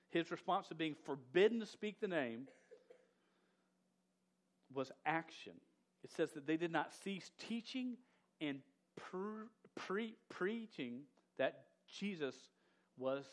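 Male preacher, higher register; casual, emphatic delivery with frequent restarts and slang. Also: animated, takes it slowly, pauses often. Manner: slangy, says "dude" and "man". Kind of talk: sermon.

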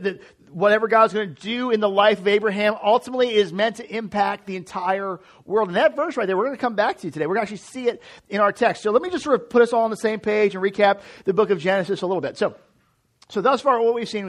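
A man in his thirties preaching a sermon, conversational and animated, with frequent restarts and asides. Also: high-pitched. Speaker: pastor.

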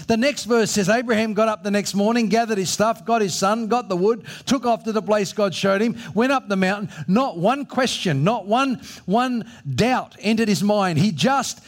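Brief: middle-aged male pastor, higher voice, emphatic sermon delivery. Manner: emphatic preaching, acts out Bible voices.

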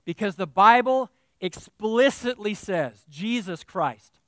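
A male pastor preaching a sermon, talking straight to his congregation and swinging from quiet asides to loud, emphatic declarations. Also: sits high, normal speed, no room sound, studio quality. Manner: talks directly to the congregation.

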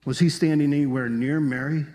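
A man's voice: on the high side, fairly even intonation, fairly quick, dark tone. A man preaching a sermon as a pastor, telling the story vividly and asking the congregation rhetorical questions. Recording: long reverb of a large hall.

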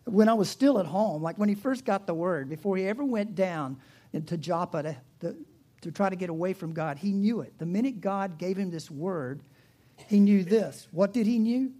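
A man's voice: high-pitched, normal speed, mellow. A man with a Southern US accent preaching a sermon, retelling a story in a chatty, humorous way with asides and restarts. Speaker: pastor.

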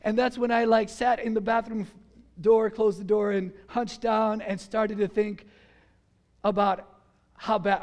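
A middle-aged man preaching a sermon, telling a childhood story in a conversational, animated way and acting out the voices. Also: sits high, a little slow. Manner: animated, acts out his own and others' voices in the story; conversational, frequent fillers like "you know" and "like". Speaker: pastor.

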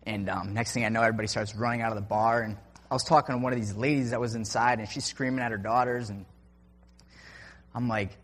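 A man's voice: mid-range voice, fairly even intonation, quick pace, a bit bright. A young man telling a personal story in a casual, rambling way, filling it with "like" and acted-out quotes. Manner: rambling, full of "like" and "I'm like" quotes. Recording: long reverb.

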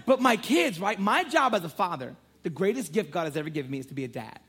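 A man's voice: a little high, very animated, fairly quick, fairly bright tone, breathy edge. A man in his thirties, a pastor preaching a sermon, praying fervently and telling playful, joking stories about his family. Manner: playful, joking storyteller who prays fervently.

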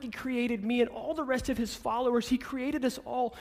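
A male pastor in his thirties giving an earnest sermon, speaking gently and then building to emphatic declarations. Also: extremely high pitch, steady tone, moderate pace, vocal fry, few pauses.

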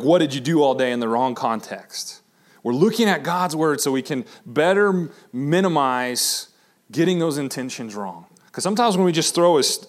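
A man in his thirties, a pastor preaching a sermon in a relaxed, conversational way with many fillers and restarts. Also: on the high side. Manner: acts out quoted lines with shifting inflection.

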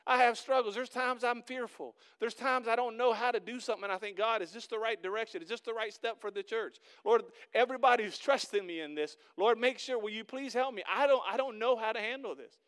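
High-voiced earnest preaching man. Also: quick pace, clean tone. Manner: earnest, conversational preaching that builds to loud emphatic peaks. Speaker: pastor. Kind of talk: sermon.

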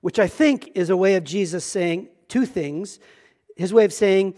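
A man's voice: sits high, unhurried, dark tone. A male pastor preaching a sermon in a church, earnest and emphatic, often repeating words as he starts a thought.

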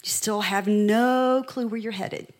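A middle-aged woman preaching a sermon, telling a story in a hushed voice that builds to impassioned delivery. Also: medium pitch, fairly even intonation, a little slow.

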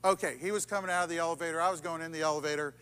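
A male pastor preaching a sermon, swinging from loud emphatic lines down to hushed near-whispers. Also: on the high side, fairly even intonation, rapid-fire, smooth, big-room sound. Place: church sanctuary.

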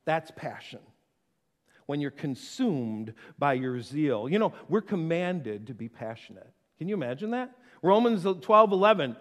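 Pastor guy preaching, high voice, jokey asides, lots of hall echo. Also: sing-song, moderate pace. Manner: conversational preaching with playful asides and acted quotes. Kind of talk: sermon.

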